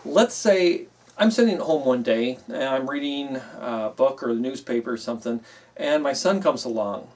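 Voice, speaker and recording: A man's voice: mid-range voice, lively intonation, normal speed, a little mellow, far from the mic. Guy teaching bible class, talky with lots of uhs, heard from a bit away from the mic. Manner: conversational, with many fillers, emphatic in acted quotes. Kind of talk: classroom teaching, explaining with a story.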